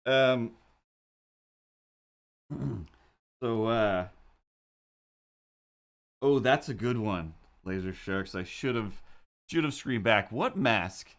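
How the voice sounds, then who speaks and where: A man's voice: fairly low pitch, expressive, very slow, pauses often. A man streaming live, telling a story in a casual, rambling and wry way with self-mocking asides. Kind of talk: casual chat while drawing on a livestream.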